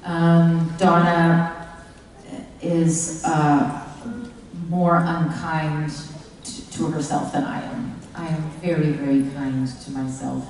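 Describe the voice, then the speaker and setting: A woman on a convention panel answering a question slowly and thoughtfully, with some joking. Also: deep voice, level tone, a little mellow. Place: large convention hall with a crowd. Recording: echoey hall from far off, crowd noise.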